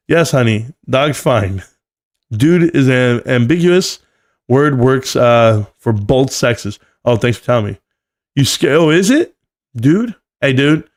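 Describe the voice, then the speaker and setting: A man in his forties hosting a relaxed live stream. He talks in a loose, slangy, joking way and reads viewer comments aloud as they come in. His voice sits at an everyday middle pitch. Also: unhurried. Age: 40s. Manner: loose and joking, slangy, often says "bro".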